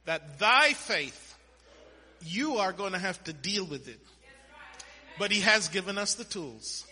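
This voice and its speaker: A man preaching a sermon in an animated way, quoting scripture and breaking into sudden loud bursts, in a church hall. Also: sits high, normal speed, husky. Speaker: pastor. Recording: long hall reverb.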